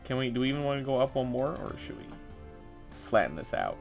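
A young man giving casual gameplay commentary, thinking aloud, getting excitable and swearing as he works. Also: mid-range voice, fast talker, vocal fry, faint music behind. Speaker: gameplay video host.

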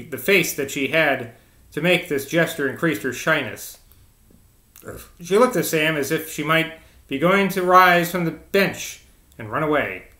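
Guy reading a novel out loud, chatty asides, kinda high bright voice, echoey room. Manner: informal, chatty, self-interrupting. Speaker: audiobook reader.

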